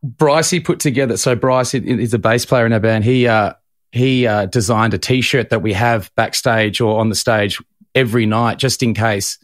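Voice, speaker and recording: Brief: Australian man, middle-pitched voice, loose rambling talker, dry close mic. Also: steady tone, normal speed, dry recording. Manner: loose, rambling talk full of restarts and laughs. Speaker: guest singer. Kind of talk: casual chat.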